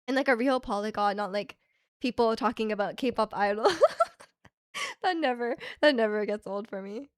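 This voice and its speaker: A young Canadian woman chats with her live stream audience and reads the chat, her voice a bit higher than most. She rambles at a moderate pace, leaning heavily on "like" and laughing often. The sound is close and dry, with no room sound.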